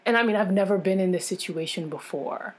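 A woman's voice: mid-range voice, fairly quick. A woman guest in an interview, frankly and emotionally retelling a personal experience in casual talk, full of fillers and restarts. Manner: animated, acts out others' lines in changed voices.

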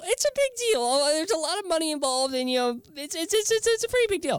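A man hosting a casual sports talk show, rambling and animated, often chuckling as he talks. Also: extremely high pitch, brisk, few pauses, no room sound.

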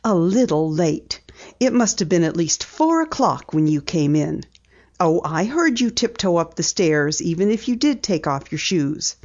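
A woman's voice: fairly low pitch, big pitch swings, a little slow, darkish tone, exaggerated voice. A woman doing a teasing middle-aged father. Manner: amused, teasing. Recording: dull lo-fi audiobook recording.

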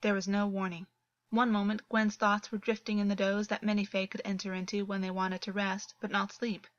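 A woman narrating a story in a steady, earnest reading voice, on a dull, lo-fi recording. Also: medium pitch, a little fast, dry recording. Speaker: audiobook narrator.

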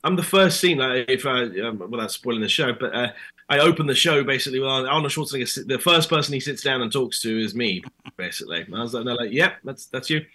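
A British man speaks as a guest on an interview show. His voice is bright and forward. He tells stories in an easy, conversational way, slipping into quick imitations of the people he talks to. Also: mid-range voice. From Britain. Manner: animated storyteller, acts out both sides of conversations. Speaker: actor guest. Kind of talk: casual interview chat.

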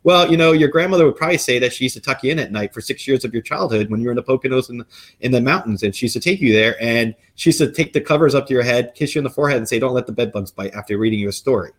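A man's voice: mid-range voice, racing. A man in his forties telling a personal story in conversation, acting out the dialogue as he goes. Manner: animated storyteller who acts out quoted dialogue. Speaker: guest.

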